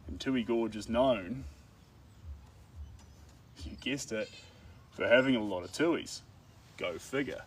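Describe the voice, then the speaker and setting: A man's voice: mid-range voice, slow pace, long pauses, husky, far from the mic. A man with a New Zealand accent chatting casually to viewers on a live stream from outdoors in a gorge. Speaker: art streamer.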